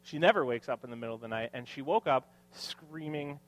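A pastor in his thirties delivers a sermon to his congregation in a church hall, blending scripture with jokey, self-deprecating stories about his family. His mid-range voice moves at a brisk clip.

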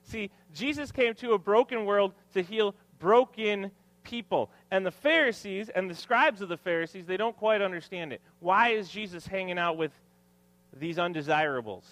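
Male pastor in his 30s, sermon with self-deprecating humor, lively pitch, slightly high voice. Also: normal speed, dry recording. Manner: joking, self-deprecating asides to the congregation. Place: church hall with congregation.

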